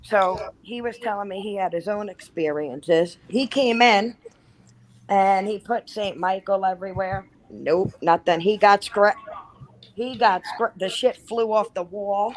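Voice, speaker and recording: A woman in casual conversation, telling a haunting story in an animated, profane way and acting out what people said. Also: medium pitch, measured pace, rough recording. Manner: animated, profane, acts out quoted lines. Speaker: guest.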